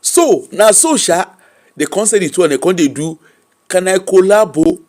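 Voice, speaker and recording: Nigerian guy hosting a gossip stream, high voice, bounces all over the place, laughs a lot. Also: moderate pace. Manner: animated, laughs often, thanks viewers by name. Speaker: host. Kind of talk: gossip commentary livestream.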